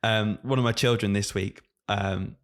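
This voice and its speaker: A man's voice: fairly low pitch, measured pace. A man in his late twenties, a teacher co-hosting a podcast, chatting casually and acting out classroom stories with quoted voices. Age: 20s. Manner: animated storytelling, acts out quotes. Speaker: podcast co-host, primary teacher. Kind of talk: casual chat.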